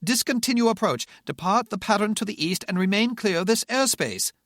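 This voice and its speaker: A man doing a shouting British tower controller. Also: high voice, expressive, fairly quick, no echo, studio quality, pitched above the performer's own voice. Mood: agitated. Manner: shouting, officious commands.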